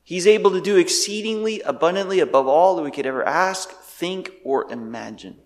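This is a male pastor with a high-sitting voice, preaching fairly quickly in a large hall. His delivery is animated, full of rhetorical questions and shifts between loud and hushed.

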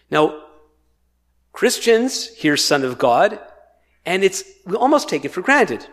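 A male pastor giving a sermon at his own measured, unhurried speed. His voice sits high for a man. He preaches with dramatic emphasis and sometimes acts out a herald's cry. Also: very animated. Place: church in Ottawa, Canada.

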